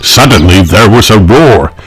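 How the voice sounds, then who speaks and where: A man narrating a children's storybook with expressive storytelling. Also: on the low side, unhurried, husky, soft background music. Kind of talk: children's audiobook reading.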